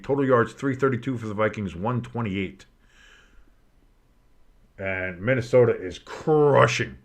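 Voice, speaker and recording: A man giving casual play-by-play commentary on a game, rambling and swearing between plays and bursting out with excitement on big ones. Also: fairly low pitch. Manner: rambling, swears, breaks off into nostalgic tangents. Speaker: play-by-play streamer.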